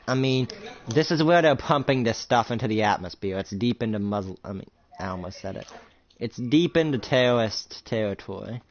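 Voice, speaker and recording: A man's voice: mid-range voice, expressive, moderate pace, slight background noise. Guy rambling through a made-up role-play story, like and uh everywhere, muffled lo-fi mic. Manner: rambling, many fillers. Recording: dull lo-fi recording.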